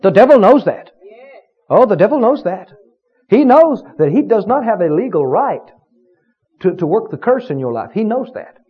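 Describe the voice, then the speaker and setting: Fervent high-pitched preacher man. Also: very animated, moderate pace, slightly rough, highs cut off. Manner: fervent, rising to shouted repeated phrases. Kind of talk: sermon.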